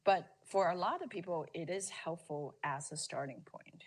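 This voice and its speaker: A woman's voice: lowish voice, expressive, moderate pace. Emphatic woman storytelling expert. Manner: emphatic, repeats phrases for weight. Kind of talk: conversational interview.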